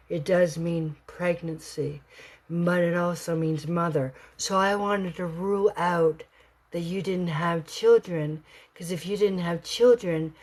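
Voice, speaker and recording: A woman doing a live tarot card reading for someone, expressive and swinging between excited bursts and hushed whispers. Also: on the low side. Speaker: tarot reader.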